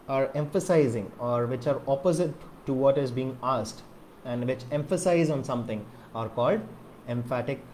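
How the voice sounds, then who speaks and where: A man's voice: medium pitch, darkish tone, slight background noise. Man teaching grammar, lots of okays. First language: Malayalam. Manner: explains with repeated okays and rhetorical questions. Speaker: English teacher. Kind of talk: grammar lesson to camera.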